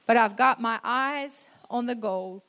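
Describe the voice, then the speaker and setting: A middle-aged woman preacher giving a sermon in a conversational storytelling way, with frequent "you know" and slow, repeated phrases for emphasis. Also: on the high side, pushed and bright.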